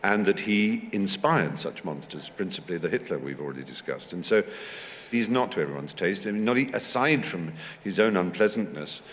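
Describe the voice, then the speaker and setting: Lively English man telling stories. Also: deep voice, a little fast. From England. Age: 50s. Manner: anecdotal, animated, mimics voices in quotes. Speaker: festival speaker. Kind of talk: onstage talk with audience. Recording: hall reverb, faint noise.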